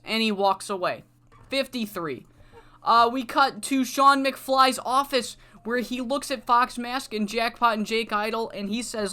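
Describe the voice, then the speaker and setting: A woman hosting a video series, casually recapping her wrestling management game save with a lively, swearing manner. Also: on the high side, unhurried.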